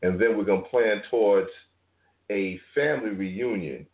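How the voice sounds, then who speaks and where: A man's voice: fairly low pitch, normal speed. Man hosting a call on a tinny line. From New York. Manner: emphatic, repeats phrases for warmth. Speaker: host of a family call. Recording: tinny phone-line audio.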